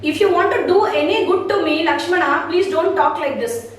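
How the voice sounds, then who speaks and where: Calm righteous young prince voiced by a woman, gentle, persuasive, echoey room, far from mic. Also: very high-pitched, moderate pace, slight background noise.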